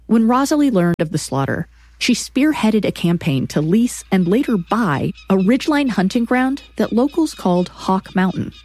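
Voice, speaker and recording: A woman giving measured, clear scripted narration for a short radio program. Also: mid-range voice, lively intonation, darkish tone, dry recording.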